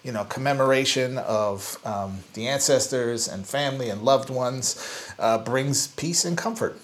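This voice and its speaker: A man's voice: medium pitch, measured pace. A man co-hosting a podcast, chatting casually in a thoughtful, hedging way with lots of fillers. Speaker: podcast co-host.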